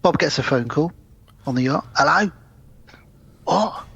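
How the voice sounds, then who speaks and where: A man's voice: medium pitch, fairly quick, vocal fry, husky. A man co-hosting a podcast, animatedly retelling a film and acting out its lines. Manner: animated, acts out film lines in put-on voices. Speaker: podcast co-host. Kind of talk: casual film discussion. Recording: slightly dull lo-fi sound.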